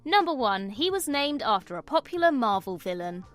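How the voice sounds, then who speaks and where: A woman reads a scripted trivia countdown as host, her pitch sitting a little high and swinging widely from line to line. She drops in playful, jokey asides between the facts, with a bright, animated delivery throughout. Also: moderate pace, soft background music.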